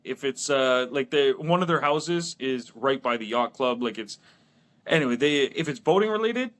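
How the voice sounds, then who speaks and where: A man's voice: mid-range voice, lively intonation, moderate pace, a bit bright. Chatty man telling a long joke. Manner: storytelling with lots of restarts and laughs. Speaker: podcast co-host. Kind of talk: casual chat.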